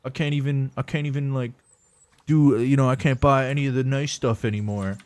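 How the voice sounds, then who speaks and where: A man's voice: medium pitch, fairly even intonation, a little fast, darkish tone, no echo, voice pushed up, close to an everyday voice. A man putting on a whiny, mocking voice of someone complaining about welfare food limits. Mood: whining.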